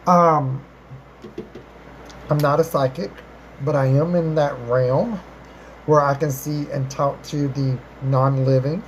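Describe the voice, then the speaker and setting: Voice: slight background noise, poor audio. Chatty live-stream host saying "darling" a lot. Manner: affectionate, calls everyone darling and baby; chatty, repeats and rephrases, with swooping pitch jumps. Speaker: livestream host answering viewer questions. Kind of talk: casual live-stream chat.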